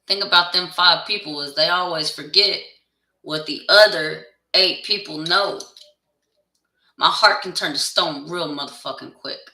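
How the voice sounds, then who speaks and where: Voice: mid-range voice, measured pace, pushed and bright, far from the mic. A tarot reader in a blunt, profane, heated casual rant to camera. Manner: heated, insistent. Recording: echoey room, voice away from the mic.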